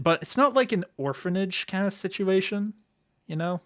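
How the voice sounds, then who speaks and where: A young man co-hosting a casual podcast chat, recapping in a halting way full of fillers. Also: sits high, expressive, a bit bright. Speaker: podcast co-host.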